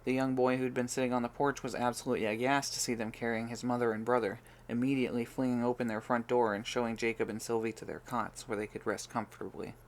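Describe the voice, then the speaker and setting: A man narrating a fantasy audiobook with even, steady storytelling. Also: mid-range voice, quick pace, few pauses. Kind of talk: scripted narration.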